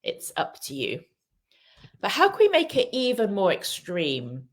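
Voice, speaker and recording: A woman's voice: mid-range voice, wildly swooping pitch, a little slow. A woman from Wales teaching an English lesson in a live online class, patient and encouraging, repeating key phrases.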